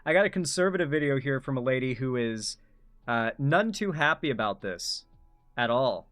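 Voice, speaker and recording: A man's voice: medium pitch, animated, moderate pace, a bit bright, faint music behind. Blunt, swearing male commentary host. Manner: blunt, swearing, rambling with restarts. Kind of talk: casual reaction commentary.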